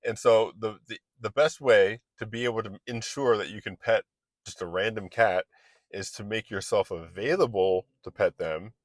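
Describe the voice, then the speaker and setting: A man's voice: fairly low pitch, normal speed, no echo. A man giving a casual motivational talk as an online business coach, chatty and loose, often restarting his sentences and acting out little exchanges.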